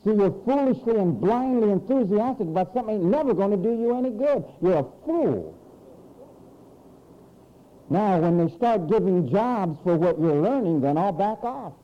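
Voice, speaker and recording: Man, preacher, sermon, high voice, mocking, animated, church. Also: moderate pace, dull audio. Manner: animated, mocking impersonations of frantic people.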